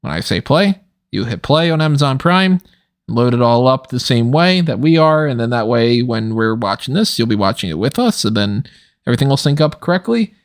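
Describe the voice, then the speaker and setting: A man's voice: mid-range voice, sing-song, brisk. Tired guy hosting a podcast late at night, rambly, laughs a lot. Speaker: podcast host. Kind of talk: casual commentary chat.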